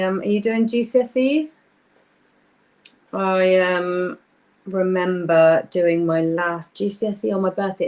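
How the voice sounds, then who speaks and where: A young woman with a medium-pitched voice hosts a live craft workshop, chatting casually and greeting viewers by name as she works.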